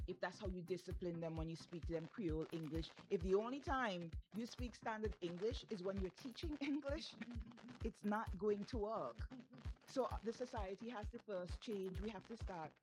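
A woman's voice: medium pitch, normal speed, noisy background. A woman, a parent speaking earnestly and emphatically in a casual discussion. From Saint Vincent. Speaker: parent discussing children's speech.

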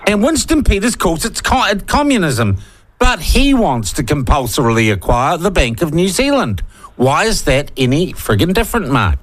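A man's voice: a little high, very animated, moderate pace. A man hosting a political radio discussion, pushing his guests with sardonic questions. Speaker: radio host.

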